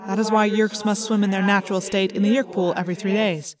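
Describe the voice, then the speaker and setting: A woman voicing a stubborn, formal alien warrior in an audiobook, with measured phrasing. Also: medium pitch, level tone, a crowd in the background, natural voice. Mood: explaining. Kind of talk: audiobook character voice.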